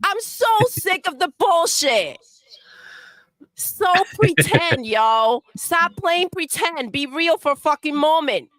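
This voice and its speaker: A woman's voice: high voice, animated, slow, a bit bright, no room sound. A woman delivering a profane, scornful rant full of swearing. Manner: scornful, swearing, mocks with put-on voices. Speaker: livestream segment voice.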